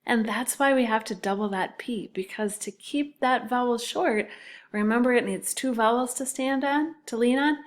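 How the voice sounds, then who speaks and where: A woman's voice: on the high side, moderate pace. A woman teaching a children's spelling lesson, patiently sounding out words syllable by syllable.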